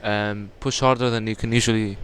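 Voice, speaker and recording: A man's voice: lowish voice, fairly even intonation, fairly quick, fairly bright tone, slight background noise. A young man answering as a podcast guest in casual talk, explaining earnestly and building emphasis.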